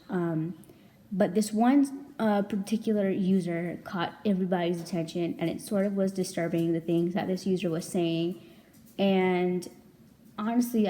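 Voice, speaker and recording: A woman's voice: fairly low pitch, dark tone. A young woman vlogging a casual storytime, rambling and chatty, packed with "like" and casual swearing. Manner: chatty, rambling, heavy filler "like", swears freely.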